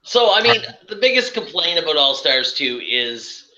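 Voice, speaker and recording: A man co-hosting a casual chat with a very bright, sharp voice that rises and falls a lot. He pushes the talk along eagerly, and his voice echoes around a bare room. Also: a little high, sing-song, moderate pace, highs cut off. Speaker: podcast co-host.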